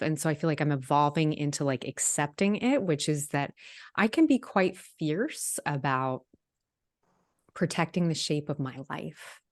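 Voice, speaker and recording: A woman hosting a casual, reflective conversation, asking gentle questions and musing thoughtfully. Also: low voice. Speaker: podcast host.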